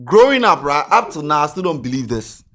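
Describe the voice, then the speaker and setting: A Ghanaian man hosting a podcast, telling a comic story in Ghanaian English with pidgin, animated and laughing, repeating words for effect. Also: on the high side, fairly quick. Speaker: podcast host.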